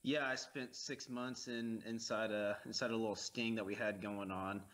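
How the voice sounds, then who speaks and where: A man in his thirties co-hosting a movie commentary podcast, telling absurd jokes in a deadpan way. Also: fairly low pitch, moderate pace. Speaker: podcast co-host. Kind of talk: casual movie commentary chat.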